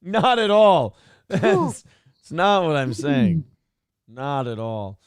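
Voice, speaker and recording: A man's voice: fairly high pitch, sing-song, slow pace, smooth, dry recording, clean studio sound. A male morning show host in casual talk-show banter, ranting and swearing freely. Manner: profane, ranting.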